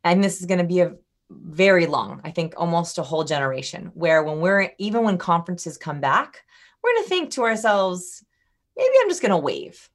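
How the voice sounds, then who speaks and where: A woman with a lowish voice speaks at a moderate pace as a guest on a podcast interview. She explains body language in an animated way, acting out different vocal tones to demonstrate them.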